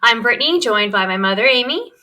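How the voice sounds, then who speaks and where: A woman's voice: fairly high pitch, lively intonation, fast talker, a crowd in the background. A woman co-hosting a podcast, chatting in an upbeat, playful way and laughing often. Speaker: podcast co-host. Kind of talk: casual podcast chat.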